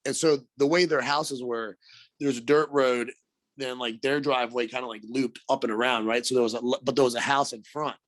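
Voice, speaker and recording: A man co-hosting a podcast, telling a story in an animated, casual way, swearing freely and saying "like" and "dude" a lot. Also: mid-range voice, brisk, dry recording. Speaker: podcast co-host.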